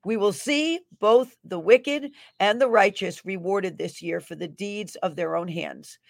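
A woman preacher proclaims a prophetic word in a ringing, declamatory voice, rising hard on each divine declaration and sinking low for her plain asides. She reads scripture with a measured, emphatic cadence. The sound is dry and close, with no room echo. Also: vocal fry. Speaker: prophetic minister. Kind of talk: delivering and explaining a prophetic word.

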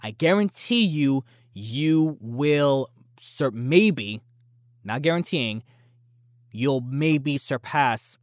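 A man's voice: medium pitch, no echo, studio quality. A man hosting a casual opinion podcast, talking in a brash, boastful and challenging way. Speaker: podcast host.

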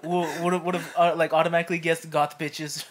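A man's voice: a little high, level tone, fairly quick. Young man, podcast co-host, casual slang banter, noisy background. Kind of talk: casual chat.

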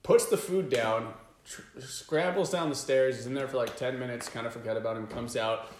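A young man co-hosting a casual comedy podcast, a lively storyteller who does loud impressions. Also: medium pitch, normal speed, roomy sound, slight background noise. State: hoarse from a lost voice. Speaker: podcast co-host.

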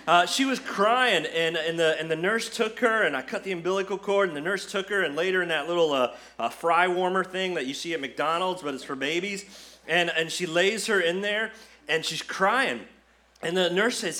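Pastor guy in his 40s, kinda high bright voice, tells stories and cracks jokes, sermon vibe. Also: normal speed. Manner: storytelling, quips and jokes, then prays softly.

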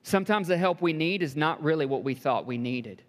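Preacher with hall reverb. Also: male voice, fairly high pitch, expressive, brisk. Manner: builds to emphatic peaks, drops to soft hushed lines; joking asides to the congregation. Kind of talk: sermon. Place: church sanctuary.

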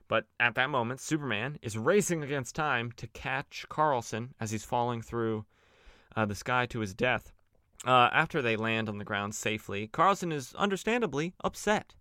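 A man's voice: mid-range voice, normal speed, bright, forceful tone, clean tone, no echo, clean studio sound. A young man casually retelling a comic story as a podcast host, loose and chatty with lots of fillers. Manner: loose and chatty, many fillers, playful voices for quoted characters. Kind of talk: casual comic recap with acted quotes.

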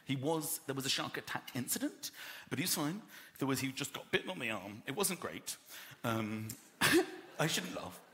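A man performing a stand-up comedy routine, acting out voices and shouting punchlines. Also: mid-range voice, very animated, normal speed. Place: live comedy venue with audience. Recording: roomy live venue with loud crowd noise. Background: audience laughter.

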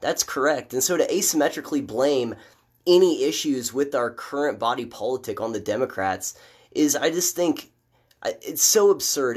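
A man hosting a live stream of political commentary, talking casually and getting animated and exasperated as he argues. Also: medium pitch, slightly rough. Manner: animated, exasperated, rises sharply when mocking views.

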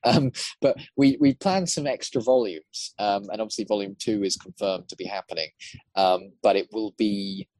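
A man's voice: lowish voice, moderate pace, a little mellow, dry recording. A man chatting as a podcast guest, eager and rambling, often restarting his sentences as ideas tumble out. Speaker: guest, voice actor and prop maker. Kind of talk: casual podcast chat.

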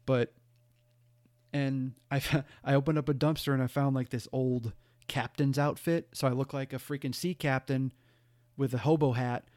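Man telling rambling animated stories. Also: medium pitch, moderate pace. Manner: animated, rambling storytelling with frequent laughs. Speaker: podcast co-host. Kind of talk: casual chat.

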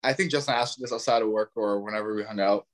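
A man's voice: lowish voice, fast talker. A young man from Ontario, a podcast guest musing in easygoing casual chat. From Ontario, Canada.

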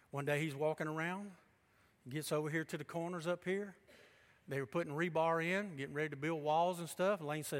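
A man preaches from the pulpit, his voice high and sharply bright. He swings from emphatic, loud declarations to hushed asides. The sound rings out with the long reverb of a large church hall. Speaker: pastor. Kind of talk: sermon. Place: church sanctuary.

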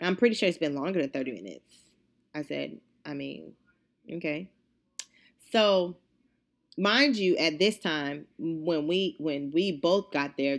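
A young woman host telling a story in casual chat, animated and profane, getting heated as she retells it. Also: deep voice. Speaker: podcast host.

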